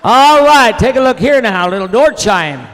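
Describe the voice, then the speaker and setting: A man's voice: very high voice, very animated, normal speed, fairly bright tone. Folksy male auction host, echoey hall. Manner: hearty folksy banter. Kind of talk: folksy emcee patter.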